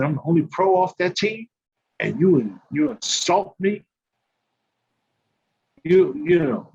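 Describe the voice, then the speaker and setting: Older man from New Jersey, husky voice, raised pitch, emphatic complaining, dull lo-fi call audio. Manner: emphatic, repetitive, aggrieved ranting. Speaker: former pro basketball player and coach. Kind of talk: heated guest monologue.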